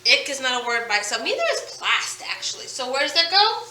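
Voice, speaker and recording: A woman teaching a phonics lesson to children, speaking slowly and emphatically and repeating each word and sound. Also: high voice, sing-song, bright, forceful tone. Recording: echoey room, mic at a distance.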